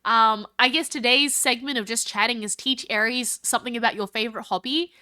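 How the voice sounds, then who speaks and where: A woman's voice: a little high, fairly even intonation, brisk, pushed and bright. A woman chatting casually on a live stream, reading chat aloud and thanking viewers in a bubbly, scattered way.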